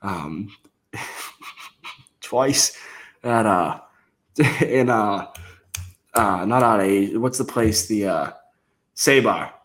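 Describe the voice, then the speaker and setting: A man's voice: on the low side, lively intonation, very slow, pauses often, a bit bright. A young man, co-hosting a casual podcast, hesitating with lots of ums and laughing along. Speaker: podcast co-host. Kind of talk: casual chat.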